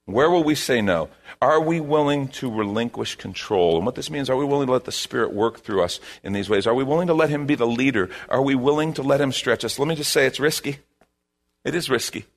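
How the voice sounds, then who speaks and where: Male pastor, mid-pitched, lively and expressive delivery, conversational sermon style with repeated phrases. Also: brisk.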